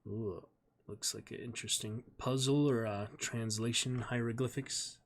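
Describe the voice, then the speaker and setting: A man on a live stream reads a novel aloud at a medium pitch. He talks in a friendly, chatty way with viewers between passages, speaking into a desk microphone. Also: steady tone, moderate pace. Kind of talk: live-stream chat and book reading.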